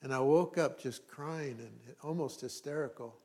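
Middle-aged male pastor, mid-pitched voice, easygoing sermon delivery with dry jokes and self-corrections. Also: normal speed, a little mellow. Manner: conversational, with wry humorous asides and restarts.

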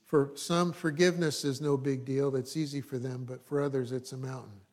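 A man's voice: mid-range voice, fairly even intonation, moderate pace, a little mellow. A middle-aged male pastor preaching a sermon in a conversational way, with asides and frequent check-ins with the congregation.

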